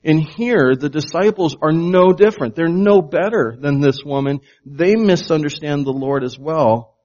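A man's voice: on the high side, moderate pace, a little mellow, highs cut off. A man preaching a sermon, emphatic and shifting his volume to stress words, often asking his congregation questions. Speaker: pastor.

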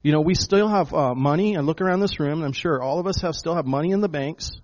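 A man's voice: a little high, fast talker, a little mellow, lo-fi sound. A pastor preaching a sermon to his congregation, emphatic, often repeating words and calling them folks. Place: church hall with a congregation.

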